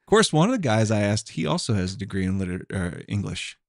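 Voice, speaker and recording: A middle-aged man from Oklahoma with an Oklahoma accent, hosting a podcast in a relaxed, meandering chat with easy chuckles. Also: lowish voice, fast, vocal fry, no echo, studio quality. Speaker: podcast host. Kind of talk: casual chat.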